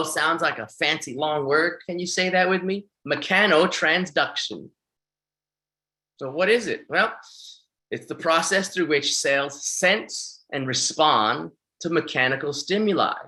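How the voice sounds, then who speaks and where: A man teaching in a webinar as a fitness instructor, talking with energy and often checking in with his listeners. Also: on the high side. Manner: energetic, keeps checking in with "right?" and "okay?". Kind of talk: webinar lecture. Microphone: webinar microphone.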